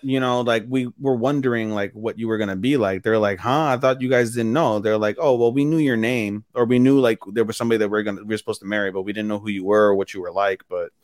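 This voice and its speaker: A man's voice: fairly low pitch, fast, hardly any pauses, no room sound. Man retelling anime scenes, dry close sound. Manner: crude, animated retelling with acted-out quotes. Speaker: podcast co-host. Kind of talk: casual chat.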